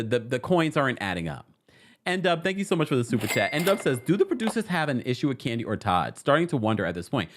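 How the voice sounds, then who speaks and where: Young male host with a raised voice, full of sass, very expressive in pitch, chatty recap delivery. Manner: sassy, animated, chatty. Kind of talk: casual reality TV recap talk.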